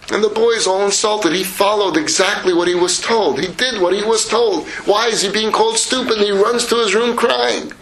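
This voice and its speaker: A man, a rabbi, telling a parable in a class, animated and switching into voices for its characters. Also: high-pitched, normal speed, hardly any pauses, roomy sound, rough recording. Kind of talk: lecture storytelling.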